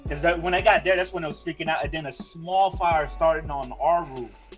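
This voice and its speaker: A young adult man on a podcast, telling a story in a rambling, profane way, with fillers and restarts and sudden yelled quotes. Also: on the high side, a little fast, lo-fi sound, over music. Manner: acts out quotes with sudden loud yells. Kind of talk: casual podcast chat, storytelling.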